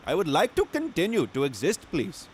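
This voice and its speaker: A timid, apologetic middle-aged shopkeeper from an animated clip, whose voice is a touch high and swings wildly as he pleads to be left alone, as a man puts him on. He talks defensively and keeps apologizing. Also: moderate pace, a little hiss or hum. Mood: pleading.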